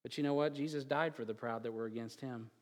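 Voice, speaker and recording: A man preaching a sermon, moving from quiet joking asides with chuckles to loud, emphatic build-ups. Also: medium pitch, steady tone, fast, in a large hall. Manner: chuckles and jokes between scripture readings. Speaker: pastor.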